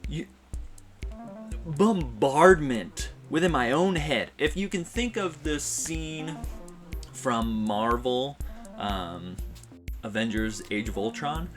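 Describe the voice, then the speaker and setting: A man speaks openly in a vlog, rambling and heartfelt, often circling back and restarting his sentences. His voice sits at a middle pitch, with music playing behind him. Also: lively intonation, slow, pauses often. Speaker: vlogger. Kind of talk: personal storytelling vlog.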